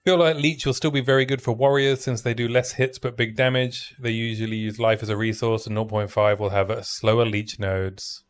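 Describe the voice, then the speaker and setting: A man's voice: mid-range voice, little pitch movement, fairly quick, hardly any pauses. A man streaming a game in a casual, chatty way, thinking aloud and reading out item stats as he plays. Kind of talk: casual gaming stream commentary.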